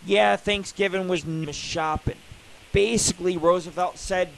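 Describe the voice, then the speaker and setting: A man's voice: high-pitched, fairly even intonation, a little slow, vocal fry, slight background noise, rough recording. A man hosting a live internet radio show, ranting in a rambling, profane, joking way.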